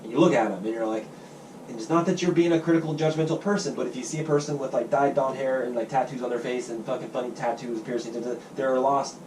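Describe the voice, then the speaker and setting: Fast-talking man, echoey room. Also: mid-range voice, fairly even intonation, noisy background. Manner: fast, profane storytelling, acts out quotes. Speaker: podcast host. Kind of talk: casual chat. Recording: echoey room, mic at a distance.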